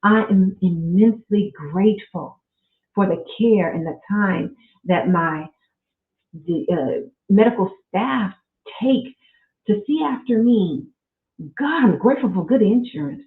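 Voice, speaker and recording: Slow-talking woman on a phone-like echoey line. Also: medium pitch. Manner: slow, heartfelt, with religious exclamations. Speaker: podcast host. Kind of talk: casual faith-based personal talk. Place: at home. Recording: echoey room, phone-like audio.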